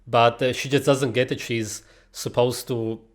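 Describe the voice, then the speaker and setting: A man's voice: medium pitch, flat delivery, unhurried. A man commenting on clips in a casual, opinionated, lecturing way, with frequent filler sounds.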